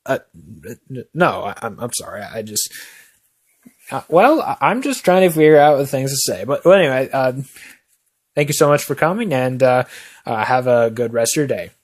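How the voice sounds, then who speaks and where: A man's voice: medium pitch, expressive, moderate pace, close to an everyday voice. A man playing a nervous brother filling in as a talk show host, rambling and stammering through hesitant stories full of fillers. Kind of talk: amateur comedy sketch.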